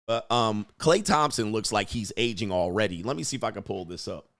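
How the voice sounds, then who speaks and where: A man's voice: on the low side, lively intonation, fairly quick, fairly bright tone, no echo, studio quality. A man hosting his own stream, giving blunt, mocking commentary while reacting to a clip. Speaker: host.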